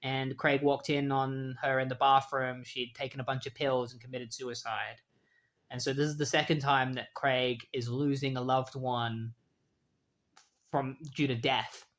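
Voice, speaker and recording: A man's voice: medium pitch, flat delivery, measured pace, a bit bright. A man casually retelling a comic book story in a loose, chatty way, often saying "like".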